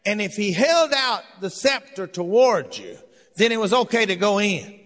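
An older man preaching a sermon as pastor, fervent and rising to shouts. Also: high-pitched, big pitch swings, normal speed. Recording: long hall reverb.

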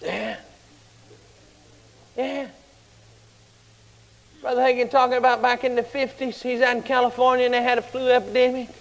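Man, preacher, fiery sermon, colloquial, high voice, long hall echo. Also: little pitch movement, moderate pace, creaky, pauses often. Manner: fiery, shouting, colloquial storytelling. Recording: large hall with long reverb.

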